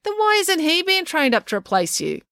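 A woman's voice: very high-pitched, huge pitch swings, moderate pace, fairly bright tone, no room sound, studio quality, pitched above the performer's own voice, exaggerated voice. A woman doing an indignant young boy. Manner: indignant, protesting questions. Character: exasperated young boy, tired and hungry.

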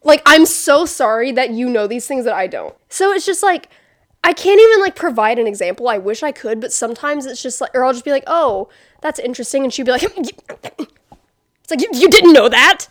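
A young woman with a fairly high voice chats casually and tells a story with lots of animation, acting out what others said. Her talk is full of fillers and swearing. The sound is dry and close, with little room echo. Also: expressive, brisk. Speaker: podcast co-host. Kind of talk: casual chat.

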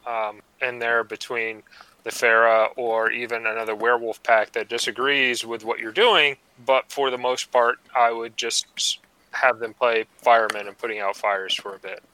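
A man pitching tabletop game ideas in a chatty way, full of fillers and quick "right?" check-ins. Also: pushed and bright, clean tone, dry recording, low-quality recording. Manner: chatty, lots of fillers and tag questions. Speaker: panelist. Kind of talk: casual tabletop game discussion.

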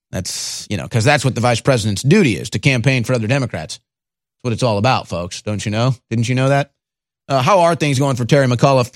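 A man's voice: medium pitch, no echo, clean studio sound. A man hosting a political talk show, sarcastic and scornful, often stammering into restarts. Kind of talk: casual political commentary.

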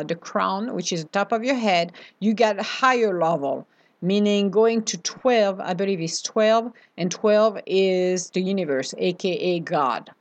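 A woman giving a casual, animated spiritual talk, dropping in playful asides. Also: medium pitch. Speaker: spiritual speaker.

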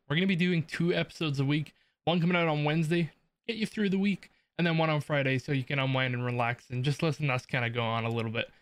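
A man hosting a podcast in relaxed, easygoing casual chat. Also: mid-range voice, no echo. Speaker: podcast host.

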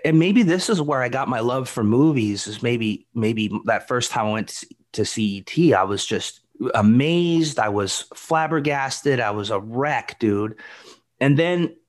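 A man's voice: medium pitch, a little slow. A man in his forties co-hosting a casual chat, telling stories with lots of restarts and calling his friend dude and bro. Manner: rambling, animated storytelling with frequent restarts, calls people dude and bro. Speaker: podcast co-host.

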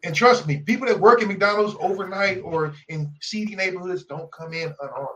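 A man co-hosts a casual podcast and tells a rambling story, full of swearing. He acts out each person in it. His voice sits a little higher than most men's. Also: fairly quick, low-quality recording. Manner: animated, profane, acts out the people in his story. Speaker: podcast co-host. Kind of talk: casual chat, storytelling rant.

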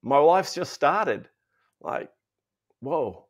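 A man's voice: a little high, lively intonation, drawn-out words. A man in his fifties with an Australian accent, a guest in a casual interview, telling a personal story in a rambling way full of restarts and fillers. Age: 50s.

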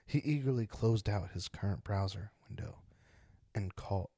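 A man's voice: fairly low pitch, moderate pace, dark tone, no room sound, studio quality. A man hosting a casual podcast, joking around and reading spooky stories aloud with dramatic emphasis. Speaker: podcast host.

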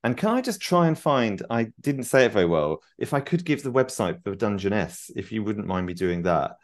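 Deep-voiced friendly male guest. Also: sing-song, normal speed. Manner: friendly, spells out web addresses carefully. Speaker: guest playwright and performer. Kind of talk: casual interview chat.

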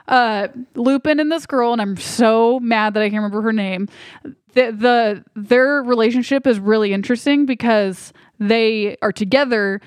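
A woman's voice: on the high side, dry recording, studio quality. A woman co-hosting a podcast, chatting casually about a movie with many restarts and fillers. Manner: rambling, hesitant with many restarts. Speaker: podcast co-host.

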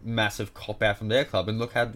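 A deep-voiced man with an Australian accent runs through results in a casual rant. He is blunt and exasperated and swears constantly. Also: little pitch movement, fairly quick, fairly bright tone. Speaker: podcast host.

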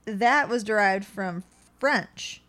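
A woman's voice: mid-range voice, slow, a bit bright. Young woman podcast co-host; sarcastic, blunt, swears a lot; casual chat.

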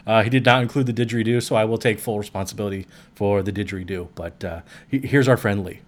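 A man's voice: fairly low pitch, fast. A man hosting a podcast, introducing a segment in a laid-back, rambling way with many fillers. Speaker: podcast host. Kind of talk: casual chat.

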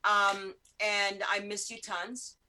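A woman hosting an online chat show over a video call, effusive and animated, with frequent swearing. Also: medium pitch, slow pace, a loud crowd. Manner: gushing, animated and profane. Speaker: host. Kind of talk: casual chat.

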